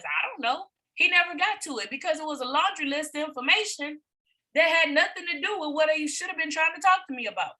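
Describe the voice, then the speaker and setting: High bright-voiced woman coach. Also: rough recording. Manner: repetitive and emphatic, peppered with rhetorical questions. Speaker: business coach presenting to a team. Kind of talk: motivational training talk.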